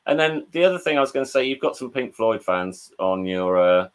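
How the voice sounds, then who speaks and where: Talking over video as an interview guest, the drummer from England spins loose, rambling stories, slipping into quoted voices and frequently starting sentences again. He speaks fairly quickly in a low, expressive voice.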